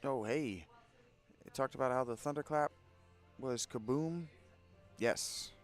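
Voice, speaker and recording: A man's voice: mid-range voice, takes it slowly, soft background music. A man playing through a video game, chatting and cracking crude, self-mocking jokes. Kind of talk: casual let's-play commentary.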